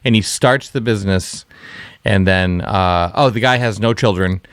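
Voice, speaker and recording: A man with a low voice rambles eagerly through an invented movie plot, full of fillers and restarts. His voice sits deep and is recorded close, with a dry, dead sound. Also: normal speed, clear, resonant tone, dry recording. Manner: excitable, rambling, lots of fillers. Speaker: podcast co-host. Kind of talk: casual comedic brainstorming chat.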